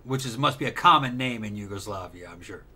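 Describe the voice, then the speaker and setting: A man's voice: lowish voice, expressive, fast, pushed and bright. A man co-hosting a casual podcast, chiming in with dry, wry quips. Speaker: podcast co-host.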